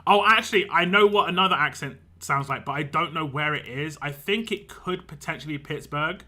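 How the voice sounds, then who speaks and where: Bright-voiced man chatting on stream. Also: a little high, brisk. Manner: rambling, chatty, laughs a lot. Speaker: game streamer. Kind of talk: casual live-stream chat.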